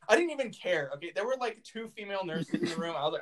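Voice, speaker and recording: A young man with a slightly high voice for a man giggles his way through a long story in relaxed conversation. He talks very fast with few pauses, stumbling over fillers and restarting his sentences.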